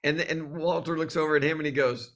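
Man telling animated stories in an interview. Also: fairly high pitch, fairly quick. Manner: animated storyteller who acts out quoted voices. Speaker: guest comedian. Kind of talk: storytelling in a conversational interview.

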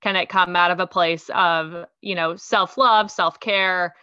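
Bright-voiced woman podcast host. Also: fairly low pitch, steady tone, measured pace, clean tone, no echo, highs cut off. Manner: chatty, with frequent ums and restarts. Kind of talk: casual interview chat.

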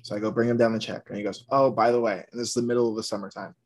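A man's voice: lowish voice, racing. A young man from Georgia telling a comedic story as a podcast guest, acting out the people in it. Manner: animated, acts out the people in his story.

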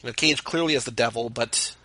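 Bright-voiced chatty podcast man. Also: medium pitch, fairly quick, no echo, low-quality recording. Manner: chatty, digressive, trivia-dropping. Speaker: podcast co-host. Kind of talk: casual movie commentary chat.

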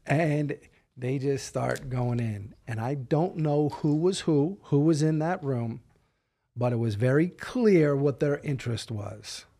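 A middle-aged man, a podcast guest, telling a story in a casual, animated way and acting out the dialogue. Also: medium pitch, takes it slowly, gravelly.

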